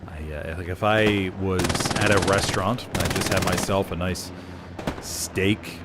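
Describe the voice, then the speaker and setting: Low-voiced man rambling between game calls. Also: unhurried, heavy background noise. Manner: rambling, relaxed, meandering asides. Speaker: game caster. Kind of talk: casual chat during live game commentary.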